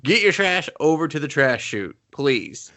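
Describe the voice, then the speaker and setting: A man's voice: a little high, very animated, measured pace, sharp tone. A man co-hosting a casual movie review talk, joking and laughing often as he riffs on scenes. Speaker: podcast co-host.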